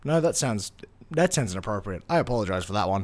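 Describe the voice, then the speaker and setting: A man's voice: fairly low pitch, expressive, quick pace. A man streaming a game live, chatting playfully with viewers in a rambling, sing-songy way. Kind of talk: casual live-stream chat.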